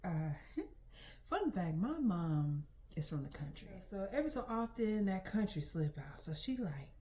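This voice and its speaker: A young adult woman telling a comic personal story to her listeners in a casual, slangy, animated way. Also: mid-range voice, a little slow. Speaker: storytelling podcast host.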